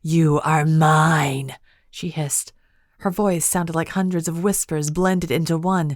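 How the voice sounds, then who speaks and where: A woman with a low voice reading a fantasy audiobook in the first person. Her delivery is measured and expressive. The recording is close and dry. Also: no echo. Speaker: audiobook narrator. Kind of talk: scripted audiobook narration.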